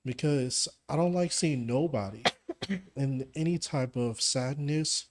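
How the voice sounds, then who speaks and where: Man guest on a podcast, low-ish voice, earnest, just talks plain about his own experience. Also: slow pace, background noise. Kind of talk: casual personal storytelling.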